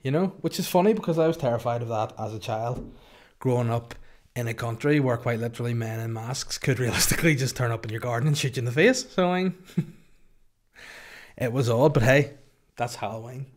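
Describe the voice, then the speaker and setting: A man's voice: medium pitch, brisk. Rambling Northern Irish man telling a story. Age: 30s. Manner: rambling, sweary, jokey asides to his co-host. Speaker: podcast host. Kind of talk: casual comedic storytelling.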